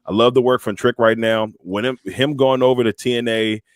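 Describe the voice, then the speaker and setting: A man with a mid-pitched voice chats on a podcast, telling stories with lively energy and jumping into quoted voices. The sound is dry and close, with no room echo. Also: brisk. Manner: animated storyteller, acts out quotes and entrance music. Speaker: podcast co-host. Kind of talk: casual wrestling chat.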